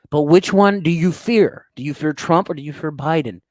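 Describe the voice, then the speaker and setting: A man's voice: a little high, moderate pace, darkish tone, dry recording, studio quality. A young man, hosting a crude, teasing podcast chat and laughing often. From United States. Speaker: podcast host. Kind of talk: casual chat reading live chat.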